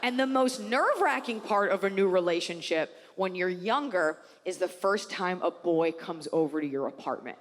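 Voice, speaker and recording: A woman's voice: on the low side, expressive, moderate pace, few pauses, slight background noise. A woman doing stand-up in a wry, conversational storytelling way. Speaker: stand-up comedian. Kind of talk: stand-up comedy. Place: large live comedy venue. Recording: hall reverb with crowd.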